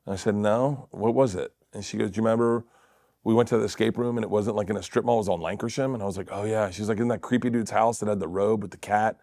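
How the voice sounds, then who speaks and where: A middle-aged man, a comedian guest, telling animated family stories in casual chat and acting out quotes with cursing. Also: fairly low pitch, fast, no echo, clean studio sound. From Florida.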